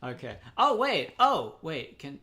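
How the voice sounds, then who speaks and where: A man's voice: on the high side, huge pitch swings, measured pace, very noisy. A man hosting a game development show, casual and easygoing, often laughing and restarting his sentences. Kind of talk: casual chat.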